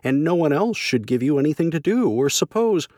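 A man's voice: on the high side, sing-song, a little fast, a little mellow, no echo, studio quality, pitched above the performer's own voice. A man voicing a gloomy, anxious Christian lady who frets over the future in a worrying, lecturing way. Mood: fretful. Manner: fretful, worrying, sermonizing.

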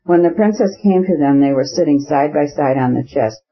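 A man reading a classic novel aloud as an audiobook narrator, measured and even. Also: fairly high pitch. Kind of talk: scripted narration. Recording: slightly muffled audio.

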